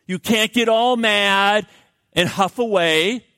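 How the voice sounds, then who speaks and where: A middle-aged man preaching a sermon as pastor, swinging between loud urgent pleas and hushed low asides, often repeating words for emphasis. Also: slow, no room sound, studio quality.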